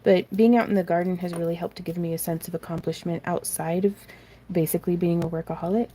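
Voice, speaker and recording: A woman's voice: lowish voice, fairly even intonation, quick pace, warm tone, slight background noise. A woman hosting a live crafting stream from her craft room, chatting in a rambling, self-deprecating way and reading viewer comments aloud. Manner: rambling and self-deprecating, laughs often, reads chat aloud. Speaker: craft tutorial host.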